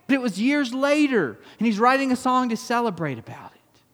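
A pastor giving a conversational sermon that turns emphatic, then closes in quiet prayer. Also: male voice, very high voice, big pitch swings, brisk. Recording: long reverb of a church hall.

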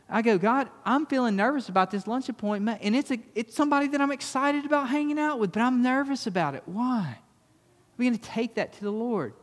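High-voiced man preaching in a reverberant hall. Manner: conversational preaching, builds to emphatic, ends in quiet prayer. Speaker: pastor. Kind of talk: sermon. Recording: long reverb of a church hall.

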